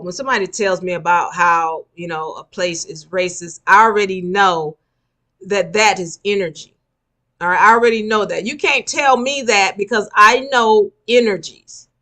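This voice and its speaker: A woman's voice: mid-range voice, pushed and bright. A woman giving a live spiritual lecture, emphatic and repeating her key points for the listeners. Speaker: spiritual teacher.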